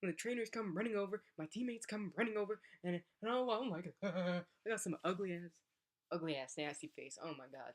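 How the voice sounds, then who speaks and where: A young woman, a college athlete, telling a personal story in a casual vlog and acting out the voices of the people in it. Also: lowish voice. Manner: animated, acts out voices in her story.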